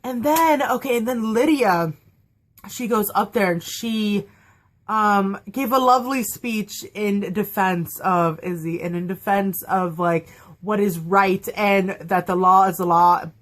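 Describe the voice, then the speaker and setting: A woman's voice: mid-range voice, a little slow. Gushing young woman fan reviewer. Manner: gushing, animated, lots of fillers and laughter. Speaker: TV episode reviewer. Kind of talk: casual excited fan review.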